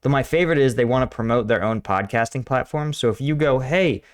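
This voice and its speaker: A man's voice: medium pitch, fairly quick. An American man hosting a reaction video, talking casually with lots of fillers and laughing along. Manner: chatty, laughs often, talks with many fillers.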